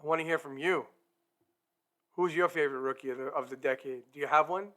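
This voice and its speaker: A man's voice: on the high side, brisk, fairly bright tone. A man hosting a hockey talk live stream, chatty and upbeat, talking straight to his viewers. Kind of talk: casual live-stream chat.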